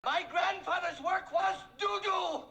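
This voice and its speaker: An actor playing a prim, high-strung young surgeon with precise diction who bursts into shouting fits, in a 1970s film comedy. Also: male voice, a little slow, full character voice, rough recording. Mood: lecturing. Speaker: lecturing professor.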